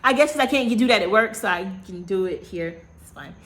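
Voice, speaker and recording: A woman in her thirties telling a personal story to camera in a casual, animated way, dramatic and repetitive, with slangy, self-mocking asides. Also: medium pitch, fairly quick. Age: 30s. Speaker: vlogger.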